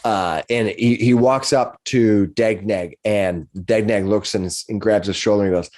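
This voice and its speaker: A man with a somewhat low voice runs a tabletop game, describing the scene. He narrates in a halting way, often repeating words before moving on. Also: steady tone, darkish tone. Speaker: game master.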